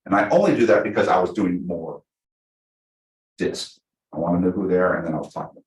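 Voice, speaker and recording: A man teaching real estate agents at a team meeting, talking fast and acting out his examples. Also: deep voice. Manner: energetic, fast, full of acted-out examples. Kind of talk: live team training class. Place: meeting room with a small audience. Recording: echoey room.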